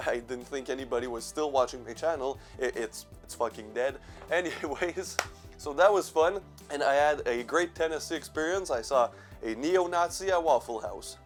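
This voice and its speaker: A man's voice: medium pitch, normal speed, soft background music. A young man hosting a casual vlog, stuffy from allergies, rambling, self-mocking, swearing and laughing as he goes. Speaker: horror movie channel host.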